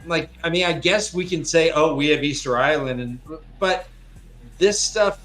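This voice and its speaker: An animated man hosts a casual book podcast, swearing freely and slipping into quick character voices. His voice sits a little high, with faint music playing behind him. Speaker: podcast host.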